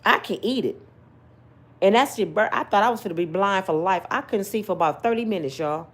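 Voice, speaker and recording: A woman's voice: medium pitch, animated, brisk. A middle-aged woman, a mother and grandmother, giving blunt, scolding opinions and personal stories straight to her viewers. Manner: emphatic and repetitive, talks straight to viewers. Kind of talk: casual story time commentary.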